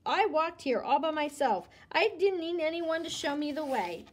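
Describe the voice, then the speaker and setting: A woman's voice: high voice, animated, normal speed, pitched above the performer's own voice. A woman doing a squealing five-year-old girl. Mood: chirpy. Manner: sing-song, squealing. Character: bossy, shrill little girl.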